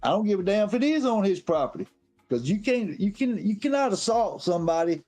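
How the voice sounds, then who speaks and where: A man's voice: sits high, sing-song, brisk, warm tone, soft background music. A man telling a rambling, profane story as a guest on a live stream. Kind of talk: casual storytelling.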